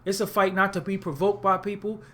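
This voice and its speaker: A man's voice: sits high, little pitch movement, fairly quick, fairly bright tone. A man from Brooklyn, hosting an unscripted webcast monologue, talking in a profane, streetwise and emphatic way. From Brooklyn, New York. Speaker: webcast host.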